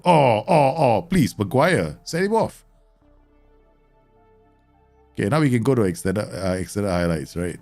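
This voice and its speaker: A man commentating live on a football management game, excitable and teasing, bursting into exclamations. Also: fairly low pitch, measured pace, long pauses, faint music behind.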